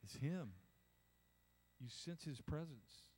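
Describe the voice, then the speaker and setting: A man's voice: on the high side, animated, slow, a little mellow, slight background noise. An older man preaching a conversational sermon, acting out little voices and asking the congregation "amen?". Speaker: pastor.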